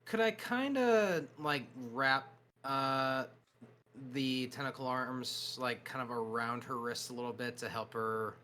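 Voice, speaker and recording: A man taking part in a tabletop game, talking in a hesitant way with many fillers. His voice is bright and forceful. A faint hiss sits under it. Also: medium pitch, slow pace. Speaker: player. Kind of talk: casual tabletop play.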